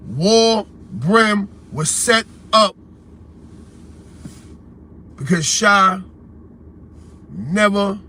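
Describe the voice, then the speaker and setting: A man's voice: high voice, sharp tone, slight background noise. A man with a New York accent hosting a call-in livestream, talking bluntly and confrontationally in street slang. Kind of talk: heated casual livestream rant.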